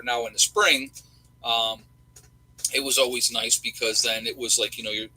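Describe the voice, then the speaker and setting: A man's voice: medium pitch, bright, forceful tone, slightly rough, poor audio. A middle-aged man, chatting casually and rambling with lots of fillers as host of a livestream. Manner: rambling, folksy, many fillers.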